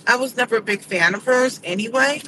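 A woman's voice: fairly high pitch, fairly quick. Middle-aged woman host, emphatic opinion monologue, audible hiss underneath the voice. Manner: indignant, emphatic storytelling. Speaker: podcast host. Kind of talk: casual commentary monologue. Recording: noticeable background noise.

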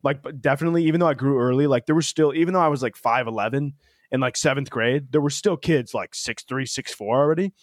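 A young man co-hosting a casual podcast, telling animated, joking stories and swearing freely. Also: mid-range voice, fast, dry recording, clean studio sound. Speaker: podcast co-host. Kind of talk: casual chat.

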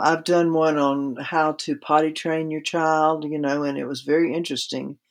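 A woman's voice: deep voice, darkish tone. A woman guest on a podcast interview, explaining writing craft in a conversational way with practical examples.

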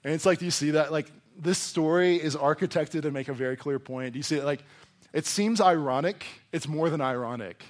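In a church hall, a pastor preaches to his congregation in an animated, conversational style. His voice sits on the high side and moves briskly, and he often acts out voices while reading and explaining scripture.

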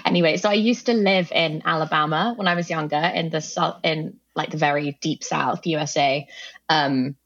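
A chatty Englishwoman talks as a podcast guest over a video call, giggling and filling her talk with ums and likes. Her voice is low, and the sound is dull and dry. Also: normal speed, no echo. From England. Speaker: guest, company co-founder. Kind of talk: podcast interview.

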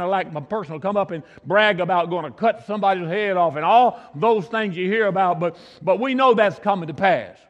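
A male pastor with a notably high voice tells homespun stories from the pulpit, circling back and repeating his points. His voice echoes through a large hall with a long reverb. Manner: homespun, repeats himself for emphasis. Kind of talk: folksy storytelling sermon.

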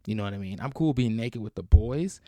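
A man's voice: on the low side, animated, a little fast, mellow, dry recording. A young man hosting a solo podcast, talking in a rambling, crude and jokey way. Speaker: podcast host. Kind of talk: solo casual chat.

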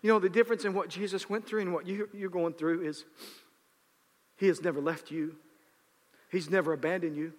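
A man preaching a sermon, swinging between raised, shouted passages and quiet, low asides. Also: big-room sound. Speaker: pastor.

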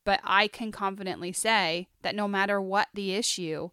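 A thoughtful woman co-hosting a casual Bible discussion, her voice smooth and resonant. She speaks close to the mic in a dry space and leans on casual fillers as she thinks aloud. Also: medium pitch, steady tone, moderate pace, pushed and bright, no echo. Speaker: podcast co-host.

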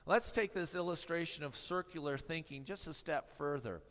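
Male pastor, wry storyteller, a touch high-pitched, heard in an echoing church hall. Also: normal speed, a bit bright. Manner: humorous, tongue-in-cheek storytelling. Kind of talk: sermon.

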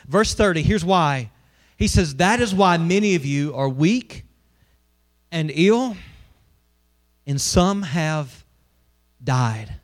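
A pastor with a high-pitched male voice delivers a sermon in a conversational style, posing rhetorical questions to his listeners.

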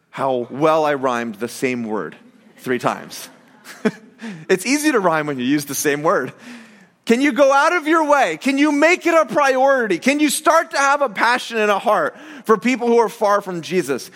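A man with a notably high voice preaches in a loose, chatty way, stopping and restarting his sentences and leaning hard on "like" and "you know". His words carry the long reverb of a church hall. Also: moderate pace. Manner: conversational, animated preaching with many fillers and restarts. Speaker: pastor. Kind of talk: sermon.

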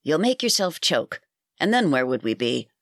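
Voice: medium pitch, expressive, a little slow, fairly bright tone, no echo, clean studio sound. A storyteller voicing a scheming, harsh old crone who hisses and wheedles in a storybook reading. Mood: gentle. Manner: hissing, wheedling.

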